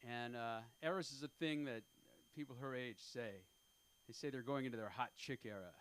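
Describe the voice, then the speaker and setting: A man in his fifties doing an open-mic stand-up set on a comedy club stage. He talks in a rambling, self-deprecating way, halting often with fillers. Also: mid-range voice, a bit bright, smooth. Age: 50s.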